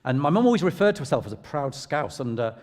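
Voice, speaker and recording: A middle-aged English vicar sharing a personal testimony in church, in a conversational, self-deprecating storytelling way. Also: male voice, fairly high pitch, big pitch swings, quick pace, a little mellow. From England. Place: church hall. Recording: long reverb of a large hall.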